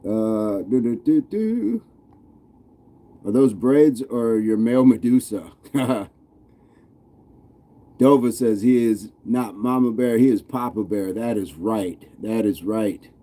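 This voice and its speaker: A man's voice: fairly low pitch, steady tone, takes it slowly, dark tone. An American man casually hosting a live stream, reading viewer comments aloud in a loose, playful way with frequent chuckles. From United States. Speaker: fitness channel host reading live chat.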